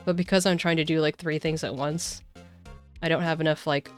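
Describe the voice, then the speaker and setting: A woman's voice: low voice, fairly even intonation, fairly quick, soft background music. A woman streamer chatting casually and rambling while she plays a game. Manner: chatty, rambling, many fillers.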